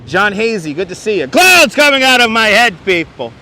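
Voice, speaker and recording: A man's voice: high-pitched, very animated, moderate pace, sharp tone. A man hosting a casual livestream outdoors on a beach, reading out viewer comments and joking dryly, with a clip-on wireless mic. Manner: wry, joking, mock-announcer asides. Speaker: livestream host. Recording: faint wind and surf noise.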